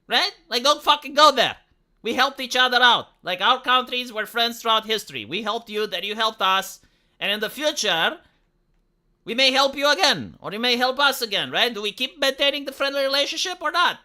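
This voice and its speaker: A man's voice: very high voice, animated, moderate pace, sharp tone. A young man from Romania giving profane, opinionated commentary on a live stream, full of rhetorical questions.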